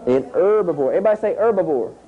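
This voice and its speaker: A man, teaching a group of children outdoors, telling a lively story with sound effects. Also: a little high, fast, narrow, tinny audio, a little hiss or hum. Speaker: environmental educator. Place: outdoors at a nature center.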